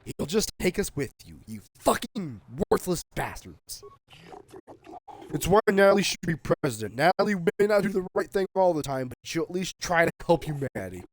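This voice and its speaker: A man with a high-set voice that leaps wildly up and down as he rants. He swears freely and bursts into shouts while streaming a game, casual and heated throughout. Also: sing-song, fast talker, few pauses. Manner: heated, profane, often shouting. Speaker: gaming streamer.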